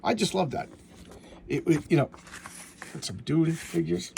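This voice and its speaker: Man, gravelly voice, casual comic review vlog, rambling, lots of restarts, faint hiss. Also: fairly high pitch, a little slow. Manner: rambling, many restarts and fillers, excitable.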